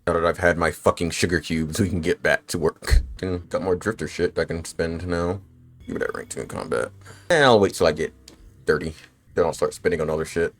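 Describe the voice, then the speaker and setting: A man in his twenties with a lowish voice gives laid-back, swear-heavy commentary while he plays a game. He chats loosely with his viewers between fights and is bothered by the hiccups. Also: fairly quick. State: has the hiccups. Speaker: gaming streamer. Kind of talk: casual gameplay commentary.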